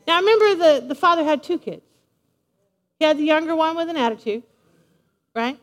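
A woman preacher giving a lively, playful sermon, speaking straight to her congregation in a large church hall. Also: high-pitched, fairly quick, long pauses. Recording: long reverb of a large hall.

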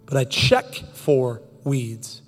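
A man voicing a gruff older male country gardener who answers in short, low mumbles. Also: big pitch swings, slow pace, in a large hall, faint music behind.

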